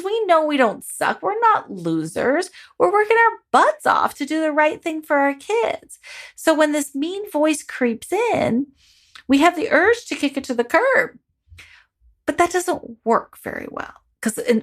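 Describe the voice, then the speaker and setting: A woman hosting a parenting coaching podcast, talking in an expressive, encouraging, conversational way. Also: fairly high pitch.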